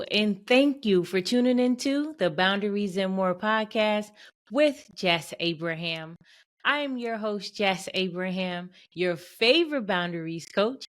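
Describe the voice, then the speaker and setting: A woman hosting her own podcast as a boundaries coach, talking casually with many fillers, repeated phrases and "y'all", often laughing. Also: medium pitch. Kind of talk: casual solo podcast monologue.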